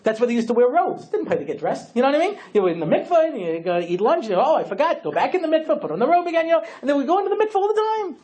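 This man's voice is very high as he jokes his way through a humorous religious lecture in the role of a rabbi. He alternates between quiet, drawn-out delivery and sudden excited outbursts.

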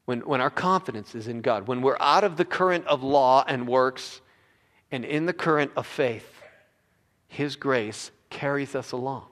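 A man's voice: medium pitch, measured pace, fairly bright tone. A male pastor preaching a sermon, emphatic and prone to repeating words as he builds his points. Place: church sanctuary. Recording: long reverb of a large hall.

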